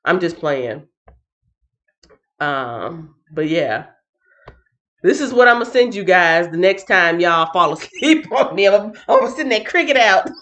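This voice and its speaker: A woman's voice: fairly low pitch, sing-song, measured pace, a bit bright. A woman hosting a Bible reading livestream in a playful, chatty way, laughing often and talking straight to her viewers. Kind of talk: casual livestream chat.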